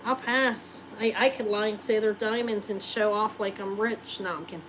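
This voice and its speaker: A woman's voice: medium pitch, fairly even intonation, normal speed, a bit bright, a little hiss or hum, poor audio. Chatty woman selling jewelry live. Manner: chatty, joking, thinks aloud while showing rings. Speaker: jewelry seller hosting a live sale. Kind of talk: casual live sale chat.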